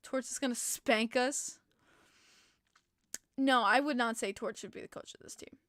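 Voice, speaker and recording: A young woman talks hockey on her stream, opinionated and chatty as she answers chat. Her voice sits fairly high and sounds a bit tired. The sound is close and dry, with no room echo. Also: a little slow, fairly bright tone. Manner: chatty, opinionated fan reading chat comments. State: tired, yawning. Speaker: podcast host. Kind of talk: casual live-stream chat about hockey.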